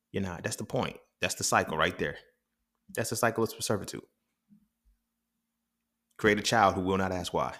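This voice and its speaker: A man's voice: low voice, moderate pace, pauses often, sharp tone. A man, blunt and profane, talking through a solo podcast monologue. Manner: blunt, profane, preachy and emphatic. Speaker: podcast host.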